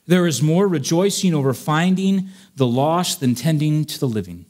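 A man preaching a sermon as a pastor, earnest, swinging between emphatic raised passages and quiet storytelling. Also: fairly high pitch, expressive, normal speed. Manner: earnest preaching, rising to emphatic peaks, dropping soft for stories.

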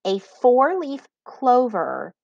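A woman reading teacher giving a recorded spelling lesson for children, dictating words slowly and clearly with example sentences. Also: a little high, sing-song, a little mellow, no echo, lo-fi sound.

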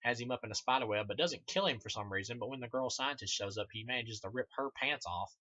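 A man's voice: mid-range voice, quick pace, pushed and bright, no room sound. A man giving a casual, rambling movie review, swearing freely and laughing at his own remarks, on a dull lo-fi recording. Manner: rambling, profane, laughs often. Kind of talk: casual spoken film review.

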